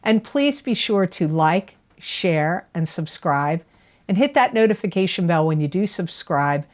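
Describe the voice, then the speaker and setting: A woman's voice: on the low side, animated, unhurried. A woman reading tarot for viewers in a chatty, earnest way, often repeating herself and correcting her own words. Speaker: tarot reader. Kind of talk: monthly astrology forecast to camera.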